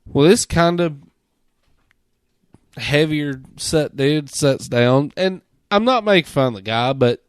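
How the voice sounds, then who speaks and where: A man hosting a podcast, telling a story in a casual, profane, animated way and mimicking the people he quotes. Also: on the high side, slow pace, clear, resonant tone, dry recording, clean studio sound. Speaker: podcast host.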